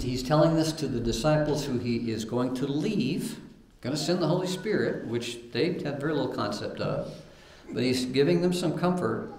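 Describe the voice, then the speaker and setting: A man preaching a sermon in a church hall, his mid-pitched voice carrying a roomy echo. He reads scripture aloud and breaks into plain asides, with fillers and restarts. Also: a little mellow.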